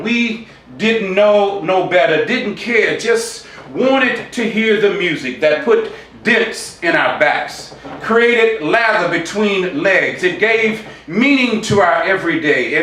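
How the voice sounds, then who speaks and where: Male poet, high bright voice, rhythmic spoken-word reading, echoing off-mic. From Shreveport, Louisiana, USA. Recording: roomy, voice from a distance.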